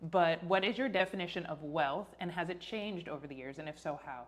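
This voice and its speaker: A woman hosting a podcast interview, encouraging and quick to laugh. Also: fairly low pitch. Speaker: podcast host.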